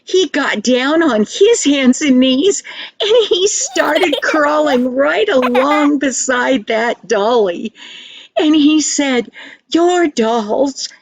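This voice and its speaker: An older woman telling a children's story in a gentle, sing-song manner, speaking to the listener directly. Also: sits high, expressive, slow pace.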